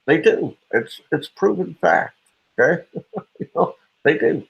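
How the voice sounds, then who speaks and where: A man's voice: mid-range voice, very animated, a little slow, vocal fry, lo-fi sound. A man hosting a live stream, crude and profane, mocking people and laughing often. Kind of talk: casual live stream chat.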